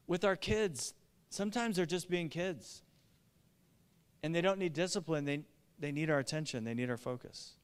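A middle-aged man, a pastor, preaching a sermon in an earnest, urgent way with lively asides. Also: a little high, moderate pace, smooth. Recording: long reverb of a large hall.

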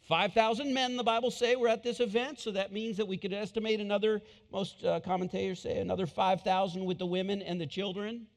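A man preaching a sermon, telling the story with animated delivery and repeated phrases. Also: sits high, a little fast, few pauses, in a large hall. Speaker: pastor.

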